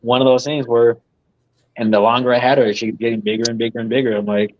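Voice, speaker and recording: A reptile breeder appearing as a guest on a live podcast tells rambling stories in casual fashion, swearing freely and laughing at his own tales. His mid-range voice is flat and fast. The highs are cut off, and there is slight background noise.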